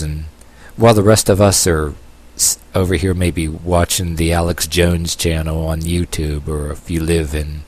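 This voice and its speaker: A man with a very low, rumbling voice talks to his camera in a loose, rambling monologue. He stops and restarts often, fills the gaps with "uh," and slips in sarcastic remarks as he goes. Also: darkish tone. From United States. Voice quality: long-haired, calls himself a hippie. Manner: halting, many uh fillers and restarts, sarcastic asides. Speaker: vlogger.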